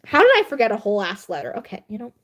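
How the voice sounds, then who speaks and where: A woman's voice: medium pitch, huge pitch swings, racing. A young woman livestreaming, chatting casually and laughing at herself while editing her writing. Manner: self-deprecating, chatty, laughs often. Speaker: livestreamer and writer.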